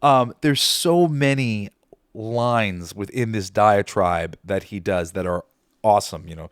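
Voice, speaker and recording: A man with a mid-range voice and lively intonation hosts a podcast, taking it slowly. He chats casually and rambles, using fillers, laughing, and quoting movie lines. The studio sound is clean, with no echo.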